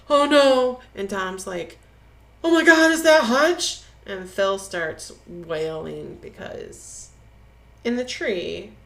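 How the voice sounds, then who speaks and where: A woman's voice: on the low side, fairly bright tone. A woman co-hosting a podcast, casually retelling a film's plot and acting out the characters' lines. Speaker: podcast co-host.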